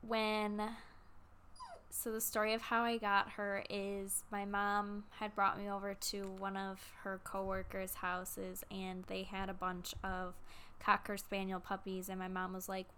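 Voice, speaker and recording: Tearful young woman, slow halting story. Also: mid-range voice, monotone, sharp tone, slight background noise. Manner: halting, with many pauses and fillers. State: tearful, close to crying. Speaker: vlogger. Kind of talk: personal storytelling to camera.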